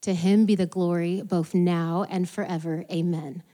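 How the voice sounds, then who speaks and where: Woman, scripture reading, steady, measured, low pitch, mellow. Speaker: scripture reader.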